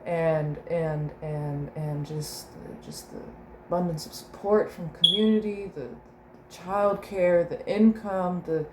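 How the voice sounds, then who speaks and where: A woman's voice: fairly low pitch, steady tone, takes it slowly. A young woman and mother talking through a reflective spoken diary, meandering and searching for words, often breaking into laughter. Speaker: mother keeping a video diary. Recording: roomy echo with faint room noise.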